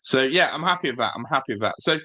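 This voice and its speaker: A man hosts a casual football live stream, rambling through his thoughts and answering viewers' comments. His voice sits mid-pitch with a bright, forward edge, and he speaks with plenty of fillers and restarts. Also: lively intonation, fast talker. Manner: chatty, rambling, reads viewer chat aloud. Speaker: football fan channel host.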